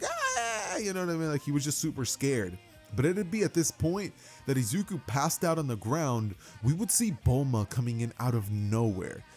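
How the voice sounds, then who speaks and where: A man's voice: medium pitch, darkish tone. A man casually narrating a fan-made what-if story, chatty and full of fillers and asides to the listener.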